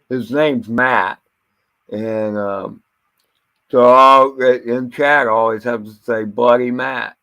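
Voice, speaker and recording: Gravelly, blunt, swearing man. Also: mid-range voice, fairly bright tone, lo-fi sound. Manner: blunt, rambling, swears freely; stammers and repeats words. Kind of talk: casual rambling monologue.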